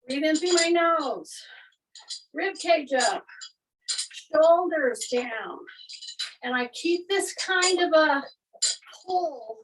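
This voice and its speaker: A woman fitness instructor leading a guided workout class, giving steady coaching cues while exercising along. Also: high-pitched, distant mic, poor audio.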